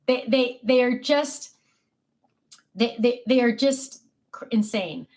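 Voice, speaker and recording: A woman's voice: on the high side, takes it slowly, darkish tone. An older woman, a grandmother, chatting casually and telling family stories with many fillers and restarts. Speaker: craft vlogger. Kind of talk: casual chat.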